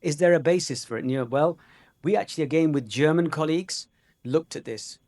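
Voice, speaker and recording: A man's voice: fairly high pitch, fairly quick, a little mellow. A man giving a conversational, joking medical conference lecture, with many fillers. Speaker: conference speaker.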